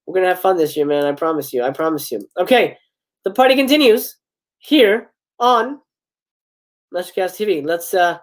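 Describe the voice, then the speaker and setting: A man hosting a livestream, reading a film script aloud and breaking off to chat with viewers. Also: high voice. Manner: reads stage directions then breaks off into casual commentary to viewers. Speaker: livestream host. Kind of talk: live script read-aloud with chatty asides.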